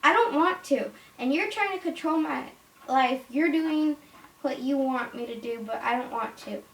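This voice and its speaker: A woman's voice: high voice, a little slow, reverberant, recorded from a distance, slight background noise, rough recording. A woman voicing a defiant, headstrong young princess in toy play-acting.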